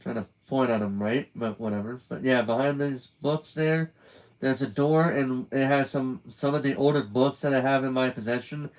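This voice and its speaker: A man's voice: mid-range voice, fairly even intonation, normal speed, poor audio. A man reading a novel aloud on a live stream, casual and conversational, breaking off to talk to his viewers. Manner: casual, conversational, trailing off at phrase ends. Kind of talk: live reading with chatty asides to chat.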